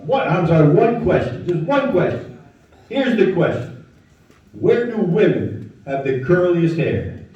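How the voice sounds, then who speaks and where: A man in his fifties doing a stand-up comedy set in a lodge hall, delivering deadpan one-liners with quick asides. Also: high voice. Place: lodge hall with live audience. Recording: muffled, echoey hall, mic far off, crowd laughing.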